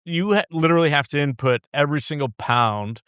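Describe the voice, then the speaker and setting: A man's voice: fairly high pitch, a little fast, fairly bright tone, clear, resonant tone, no room sound. Man telling rambling studio podcast stories. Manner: rambling, laughs often, swears, acts out his boss's lines. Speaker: guest brewer. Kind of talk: casual storytelling chat. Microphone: studio microphone.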